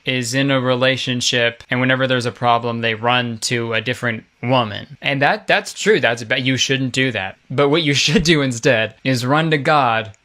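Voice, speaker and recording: A man's voice: medium pitch, moderate pace, few pauses, bright, forceful tone. A young man hosting comedic internet commentary, sarcastic and crude with lots of jokes.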